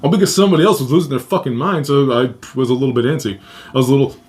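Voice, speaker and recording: Man, young adult, casual storytelling, profane, acts out quoted voices, mid-range pitch. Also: racing, a little mellow. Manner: swears freely, acts out quoted voices, laughs between lines. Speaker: podcast guest telling a personal story.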